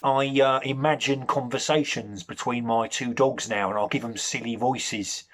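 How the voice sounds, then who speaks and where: Bloke rambling on, lots of ums, deadpan comic chat. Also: male voice, medium pitch, normal speed, crowd noise. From Nottingham, England. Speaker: comedy character monologue.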